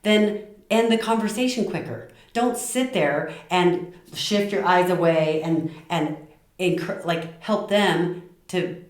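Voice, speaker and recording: Middle-aged lady w/ low voice giving communication tips, passionate, bit of room echo. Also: takes it slowly. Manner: passionate, lively, acts out little quoted lines. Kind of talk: talk to camera.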